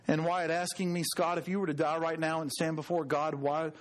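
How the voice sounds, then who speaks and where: A middle-aged man preaching with earnest emphasis, his voice sitting a little high for a man. He builds his points through repeated phrases and personal storytelling. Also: level tone, a little fast. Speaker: pastor. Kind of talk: sermon.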